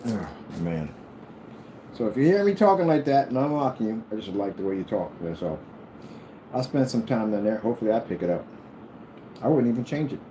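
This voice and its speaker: Rambling, lively-voiced American vlogger man. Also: fairly low pitch, a little fast, long pauses, slight background noise, low-quality recording. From United States. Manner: rambling, repeats himself, drawls words out. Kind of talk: casual rambling vlog.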